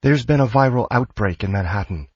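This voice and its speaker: Man voicing a brisk American woman, raised voice, husky, muffled sound. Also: medium pitch, expressive, dry recording, pitched above the performer's own voice. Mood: urgent. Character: young American woman working in the outback, brisk and practical.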